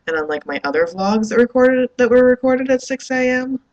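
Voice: mid-range voice, lively intonation, a little fast, lo-fi sound. A young adult vlogger, up early and groggy, rambling loosely and swearing in a casual video diary.

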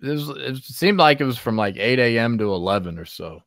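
A man hosting a casual podcast conversation, telling animated stories and laughing often. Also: mid-range voice, a little fast, gravelly, dry recording, studio quality. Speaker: podcast host and barber.

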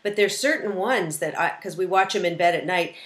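A woman's voice: lowish voice, a little fast, fairly bright tone. A woman interview host, chatty and affirming, often agreeing along with her guest. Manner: affirming, chatty, frequent backchannels. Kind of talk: casual interview chat.

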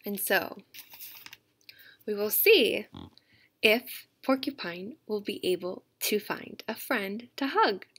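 With a mid-range, slightly rough voice, a woman who works as a museum educator reads a picture book to young learners of English. She goes slowly and leaves long pauses, staying animated and repetitive while sometimes falling to a soft whisper.

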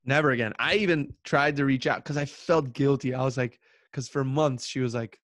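A man's voice: mid-range voice, brisk, fairly bright tone, dry recording. Self-mocking young man, dry close sound. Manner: laughing, self-mocking storytelling with acted-out voices. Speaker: podcast guest. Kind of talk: casual chat.

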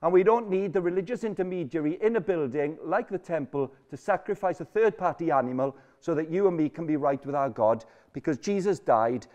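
Brisk and with few pauses, a man in a lecture hall preaches an energetic, humorous sermon to a student conference, restating points for emphasis. His voice is a little high.

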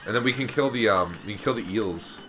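A man's voice: on the low side, brisk, music in the background. A young man hosting a co-op let's play, joking, laughing and swearing through casual gaming commentary. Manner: profane, laughing, teasing banter.

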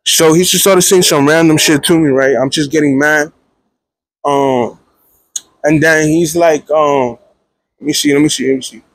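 A young man telling a story to camera as a student vlogger, animated and profane, checking in with the viewer constantly. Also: a little high, normal speed, long pauses, no room sound. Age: young adult. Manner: animated, profane, keeps checking in with 'feel me', 'right?'. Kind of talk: casual storytelling vlog.

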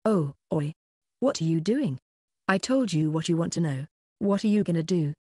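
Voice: mid-range voice, lively intonation, normal speed, a little mellow, husky, no echo, clean studio sound. A narrator voicing a terrified teenage boy who pleads fearfully under interrogation. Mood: pleading.

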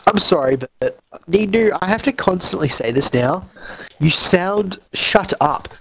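A high-pitched Australian man with lively intonation speaks a little slowly through a headset mic, with crowd noise and poor audio. Chatting with friends over casual gaming voice chat, he's crude, swearing, joking and rambling.

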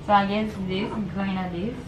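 A woman's voice: medium pitch, fairly even intonation, normal speed. A young woman with a Jamaican accent, vlogging casual chat while putting together furniture, ranting animatedly with swearing and patois. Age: young adult. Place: dorm room. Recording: echoey room, faint noise.

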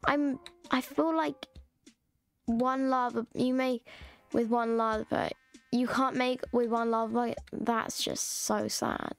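A woman's voice: a little high, fairly even intonation, takes it slowly, vocal fry, smooth. A woman chatting casually and rambling while she streams a game. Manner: chatty, rambling, self-mocking.

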